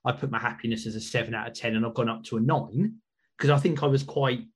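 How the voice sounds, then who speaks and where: A man's voice: mid-range voice, fast talker, husky. A man hosting a podcast, chatting casually and rambling with restarts. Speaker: podcast host.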